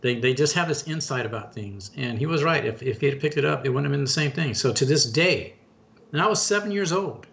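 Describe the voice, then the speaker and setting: A man's voice: medium pitch, animated, fairly quick, vocal fry, a bit bright. A middle-aged man co-hosting a casual talk show, telling a long story in a folksy way and calling listeners folks and bud. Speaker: podcast co-host.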